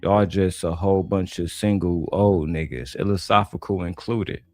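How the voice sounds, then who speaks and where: A man's voice: low voice, normal speed, no echo, soft background music. A man from Detroit doing blunt, profane, slang-heavy reaction commentary. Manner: blunt, trash-talking, slangy. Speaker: commentator reacting to a panel clip.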